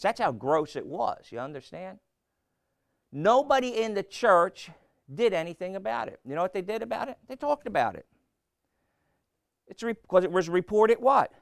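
A man preaching with a gravelly, fry-edged voice, pitched a bit high for a man. He presses his points with rhetorical questions and repeated phrases. The sound is dry and close, with no room echo. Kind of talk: sermon.

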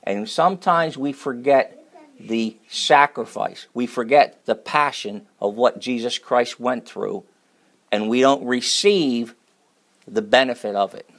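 A man preaching a sermon, moving between loud, emphatic scripture reading and hushed, near-whispered lines, with repetitive rhythmic lists. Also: medium pitch, measured pace.

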